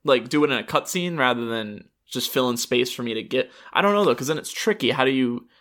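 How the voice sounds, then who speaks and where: A man co-hosting a podcast, chatting casually and thinking aloud in loose, relaxed phrasing. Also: medium pitch, fairly quick. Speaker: podcast co-host. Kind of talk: casual chat about video games.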